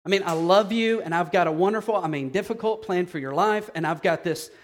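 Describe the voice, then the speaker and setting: A man's voice: high voice, brisk, lightly acted. A preacher acting out a meek, apologetic man who stammers while asking permission. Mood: meek pleading. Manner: hesitant, stammering, overly polite.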